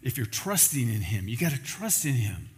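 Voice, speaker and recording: A man's voice: mid-range voice, very animated, moderate pace, a little mellow. A man preaching a sermon as pastor, in a conversational style with everyday examples.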